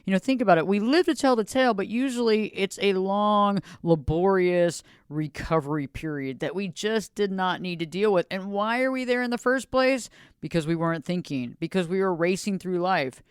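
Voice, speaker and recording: Smooth-voiced man hosting a motivational podcast. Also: high voice, moderate pace, no room sound, clean studio sound. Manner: repetitive, preachy, builds lists of phrases. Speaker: podcast host. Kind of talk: motivational solo podcast talk.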